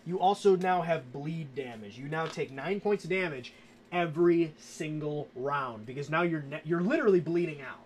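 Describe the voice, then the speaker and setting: A man's voice: a little high, expressive, normal speed, a little hiss or hum. A man running a tabletop game as game master, narrating the action and often restarting his sentences.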